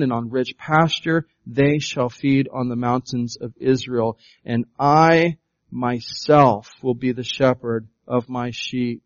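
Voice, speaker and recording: A man's voice: mid-range voice, no echo, muffled recording. A man preaching a sermon as pastor, reading scripture aloud and pressing his points with rising emphasis.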